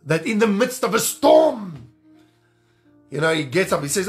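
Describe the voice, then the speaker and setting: A man preaching a sermon as an evangelist, fervent and animated, repeating phrases for emphasis. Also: high voice, a little slow, soft background music.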